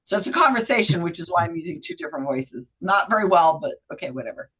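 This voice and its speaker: A woman's voice: on the low side, expressive, fast, a bit bright, breathy edge, low-quality recording. A woman hosting a casual trivia game, chatty and self-deprecating, who laughs often and explains the rules loosely. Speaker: trivia host.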